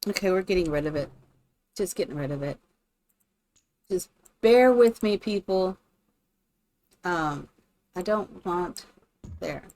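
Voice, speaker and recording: A woman's voice: lowish voice, lively intonation, slow pace, long pauses, a little mellow. Chatty woman streaming a building game. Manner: chatty, thinks aloud, greets viewers by name. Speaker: live streamer. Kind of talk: casual live-stream commentary while building in a game.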